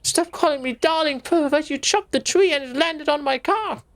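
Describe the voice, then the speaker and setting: A man voicing a furious young woman stranded at a cemetery, reading game dialogue aloud in a shrill, cursing voice. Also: normal speed, fairly bright tone. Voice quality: shrill and swearing.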